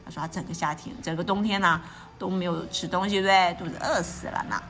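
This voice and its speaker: A woman's voice: fairly low pitch, fairly even intonation, quick pace, fairly bright tone. A woman reading a storybook aloud to a child, explaining each page and often asking the child questions. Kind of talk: bilingual read-aloud.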